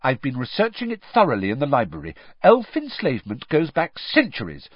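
A man's voice: medium pitch, huge pitch swings, brisk, breathy edge, dry recording, voice pushed up. A man voicing an earnest, indignant teenage schoolgirl witch, eager and fervent, in a dull, dry recording.

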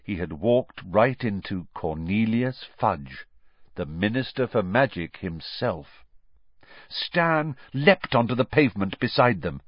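Lively-voiced male audiobook narrator. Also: lowish voice, takes it slowly, dry recording. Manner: expressive storytelling with lively rises and falls. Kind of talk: scripted narration. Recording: dull, dry studio recording.

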